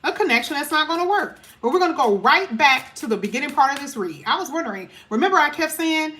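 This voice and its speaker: High-voiced chatty woman reading tarot. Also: lively intonation, fast, bright, forceful tone, a little hiss or hum. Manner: chatty, emphatic, casual slang. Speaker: tarot reader. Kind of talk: casual tarot reading to viewers.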